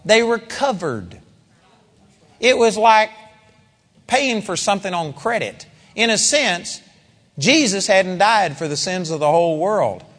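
A man's voice: sits high, measured pace, pauses often. A man teaching a live sermon at a seminar, preaching emphatically and acting out the voices of his listeners. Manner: animated, emphatic preaching with acted-out quotes. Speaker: Bible teacher. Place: large seminar hall. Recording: live recording with long hall reverb.

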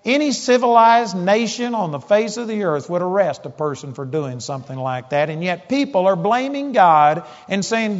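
A man's voice: high voice, normal speed, hardly any pauses. A man preaching a sermon, telling a story in an emphatic, conversational way. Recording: dull audio in a large hall with long reverb.

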